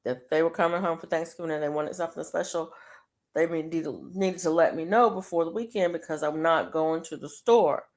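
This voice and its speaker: With her crochet in hand, a middle-aged woman runs a live stream and rambles casually to viewers, laughing frequently and filling pauses with um. Her voice is low and her pace brisk.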